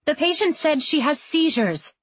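Frightened young heroine, read by a woman narrator, urgent, a touch higher, dry mic. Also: very animated, normal speed, no echo. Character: frightened young woman, quick under pressure.

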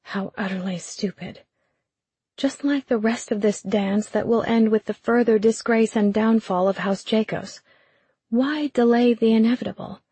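Sex: woman. Role: audiobook narrator reading fiction in a measured, even way. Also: medium pitch, husky, dry recording. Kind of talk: scripted narration.

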